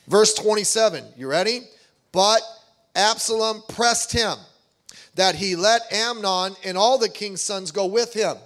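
Middle-aged male pastor, high voice, animated sermon delivery with acted-out quotes. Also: measured pace. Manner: animated, acts out quoted voices, reads scripture aloud.

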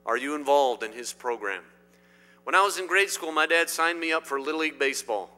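Middle-aged male pastor from Indiana, emphatic sermon delivery, slightly high bright tone, long reverb. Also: a little fast. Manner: emphatic, swinging between loud declarations and quiet asides. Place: church sanctuary.

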